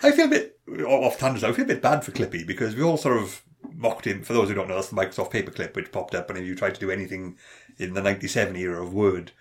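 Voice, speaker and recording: A man co-hosting a podcast, telling stories quickly and acting out quotes, often laughing. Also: low-pitched. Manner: fast, animated storytelling with acted-out quotes and frequent laughs. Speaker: podcast co-host. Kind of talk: casual chat.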